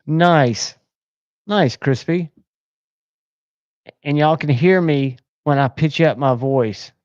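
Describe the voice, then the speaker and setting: Male stream host, mellow and smooth, easygoing and chatty, dry muffled audio. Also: a little high, slow pace, no echo. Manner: chatty, rambling, enthusiastic. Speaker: livestream host. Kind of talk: casual chat.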